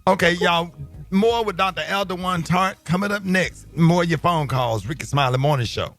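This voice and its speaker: A man's voice: high-pitched, normal speed, faint music behind. A man hosting a morning radio talk show, telling stories animatedly and acting out dialogue. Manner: animated storyteller, acts out dialogue loudly.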